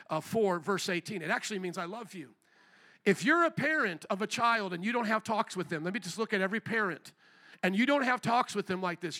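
A man's voice: high voice, sharp tone. A man, a pastor, preaching a sermon in a blunt, emphatic way and repeating his key phrases.

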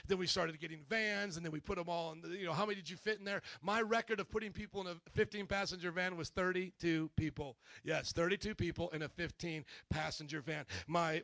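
A middle-aged man preaching a sermon, telling a story with animated delivery, acting out the people in it and calling on the congregation to respond. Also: high-pitched, no echo. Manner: animated, acts out characters, calls to congregation. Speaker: pastor.

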